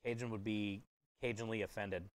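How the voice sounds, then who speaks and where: Smooth-voiced man chatting while cooking. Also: fairly low pitch, fairly even intonation, normal speed, dry recording. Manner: easygoing, joking with chat, chuckles often. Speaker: food truck chef and livestreamer. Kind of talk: casual livestream cooking chat.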